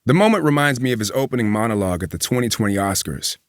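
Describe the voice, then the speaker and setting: Guy reading a magazine feature out loud, steady and even, dry close sound. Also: mid-range voice, fast, no echo. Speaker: news reader. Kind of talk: reading a magazine profile aloud.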